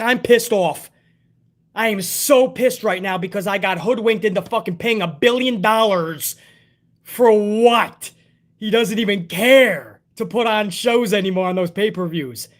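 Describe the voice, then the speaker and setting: A man reviewing a wrestling show in a casual, profane, exasperated rant full of sarcasm. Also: high-pitched.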